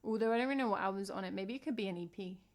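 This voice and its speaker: A young Englishwoman with a mid-range voice talks very fast. She's a singer-songwriter chatting casually on a livestream, poking fun at herself and answering her chat.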